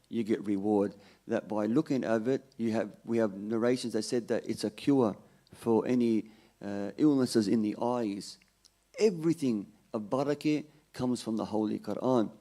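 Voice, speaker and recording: A man's voice: mid-range voice, warm tone. A man giving a conversational Ramadan sermon, telling a story and often restarting his sentences. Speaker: religious lecturer.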